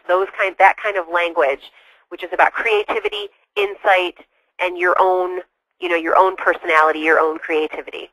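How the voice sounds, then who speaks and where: Bright, enthusiastic woman in a sales webinar. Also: fairly low pitch, fairly even intonation, normal speed, no echo, low-quality recording. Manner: enthusiastic, chatty. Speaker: sales guest expert.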